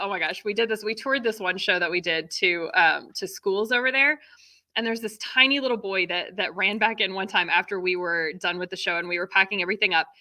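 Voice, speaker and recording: A woman's voice: medium pitch, sharp tone. A woman in her thirties from Texas, a theater director chatting casually as an interview guest, full of fillers and laughter. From Texas, USA.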